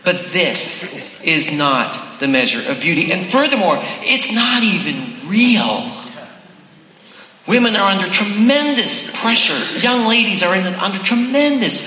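Male pastor, high and bright, preaching straight to the congregation; roomy hall with long reverb. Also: very animated, a little slow, a little hiss or hum. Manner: direct, addresses the congregation. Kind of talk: sermon.

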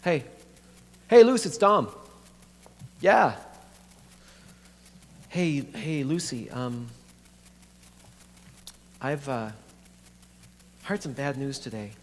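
A man voicing a frightened young man facing serious illness, halting and stammering, in an echoey hall with a faint hum. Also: medium pitch. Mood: subdued.

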